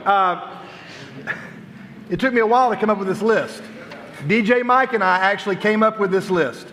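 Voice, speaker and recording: A man hosting a youth group night, joking with the crowd in playful, animated stage banter. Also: sits high, normal speed, a little hiss or hum. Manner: jokey and animated, laughs often. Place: large hall with audience. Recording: long hall reverb.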